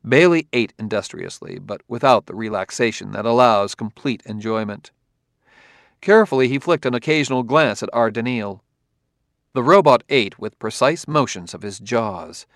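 Man, audiobook narration, gravelly voice, dry close sound, steady delivery. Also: on the low side, moderate pace, no room sound. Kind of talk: scripted narration.

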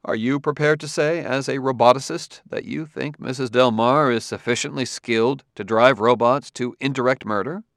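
A man voicing a dogged male Earth detective who presses and cross-examines in a raised, forceful voice, recorded dry. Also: medium pitch, normal speed, few pauses, no room sound, close to an everyday voice. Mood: pressing.

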